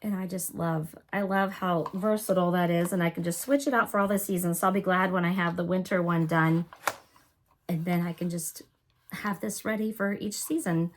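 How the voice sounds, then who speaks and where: A woman's voice: fairly low pitch, steady tone, moderate pace, slight background noise. A woman hosting a cross-stitch video, chatting casually with a cough and a sore throat, often apologizing and gushing over her finishes. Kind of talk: casual show-and-tell chat.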